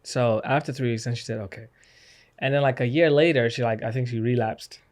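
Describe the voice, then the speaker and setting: A young man, a comedian guest on a podcast, telling stories in a casual, animated way and acting out his parents' voices. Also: mid-range voice, brisk.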